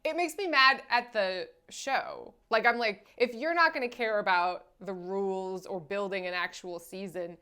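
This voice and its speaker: A woman's voice: mid-range voice, moderate pace, few pauses, clean tone. A woman co-hosting a podcast, chatting casually about a TV episode and acting out quotes in funny voices. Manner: animated, acts out quotes with voice changes. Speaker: podcast co-host. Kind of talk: casual chat recapping a TV show.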